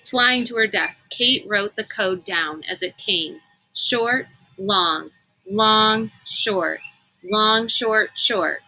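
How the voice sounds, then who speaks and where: A woman reading a novel aloud in an unhurried, expressive storytelling manner. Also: medium pitch, poor audio. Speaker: reader.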